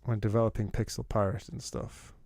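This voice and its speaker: A man with a gravelly, fry-laden voice chats casually on a live stream and mutters to himself in exasperation between explanations. The sound is close and dry, with keyboard typing and mouse clicks behind him. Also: lowish voice, little pitch movement, brisk, darkish tone, no echo. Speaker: streamer giving feedback.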